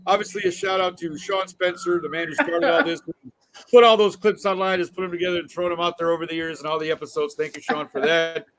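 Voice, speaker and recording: A man's voice: a little high, fairly even intonation, fast, fairly bright tone. A man hosting a casual talk show, chatting and joking asides to the audience. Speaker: host. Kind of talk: casual chat.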